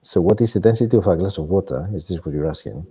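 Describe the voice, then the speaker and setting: A man's voice: low voice, fast talker, mellow, slightly rough. A man chairing a workshop session, prodding the audience and teasing the lecturer. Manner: prods the audience and teases the speaker.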